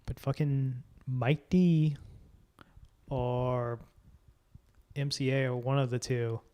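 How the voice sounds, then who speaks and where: A man's voice: mid-range voice, steady tone, slow, dark tone, clear, resonant tone. A man co-hosting a podcast, chatting casually and swearing freely in a loose storytelling way. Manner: profane, laid-back storytelling. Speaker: podcast co-host. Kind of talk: casual chat.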